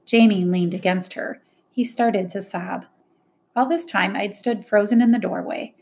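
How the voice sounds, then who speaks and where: A woman reading a first-person novel aloud in plain, measured storytelling. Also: mid-range voice, darkish tone, breathy edge. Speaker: audiobook narrator. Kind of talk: first-person audiobook narration.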